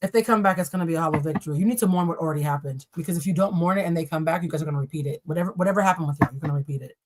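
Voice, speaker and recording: Reading tarot live for her stream, this young woman chats with viewers and tosses in crude, offhand jokes. She speaks in a low, somewhat dark voice at a rapid-fire clip.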